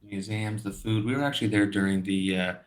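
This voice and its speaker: A man's voice: on the low side, a little fast. A man from Brazil, a podcast guest, telling stories animatedly with lots of swearing. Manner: animated storyteller, swears a lot, acts out quotes. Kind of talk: casual chat.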